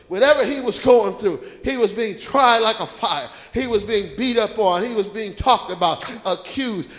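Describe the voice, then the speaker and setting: High-voiced preacher shouting in an echoey church. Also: male voice. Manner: rhythmic chanting repetition, rising to shouts. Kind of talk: call-and-response sermon. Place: church sanctuary. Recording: echoey hall with music.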